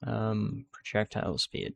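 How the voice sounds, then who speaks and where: A man's voice: lowish voice, lively intonation, unhurried, creaky, a bit bright. A man giving casual gameplay commentary, rambling and restarting sentences with many fillers. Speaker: gaming video creator.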